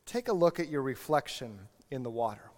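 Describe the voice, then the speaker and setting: A man voicing a calm, wise old male philosopher in a measured way. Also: mid-range voice, natural voice. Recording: long hall reverb, faint music.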